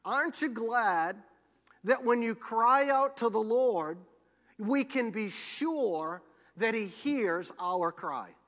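A man preaching a sermon as pastor, earnest and slowing down to press scripture home. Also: extremely high pitch, lively intonation, a bit bright. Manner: earnest, slows for scripture and emphasis. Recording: long hall reverb.

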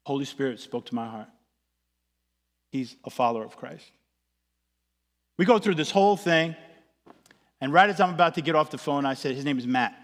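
Animated preacher man in an echoey hall. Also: on the high side, normal speed, long pauses. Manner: animated, comic storytelling, acts out voices. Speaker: pastor. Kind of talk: sermon with personal storytelling.

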